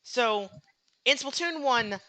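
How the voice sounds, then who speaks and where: A young host chatting casually about a video game on a podcast, tripping over words and restarting sentences while trying to explain. The voice is bright and forward, with ordinary pitch. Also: lively intonation, takes it slowly. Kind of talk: casual gaming chat.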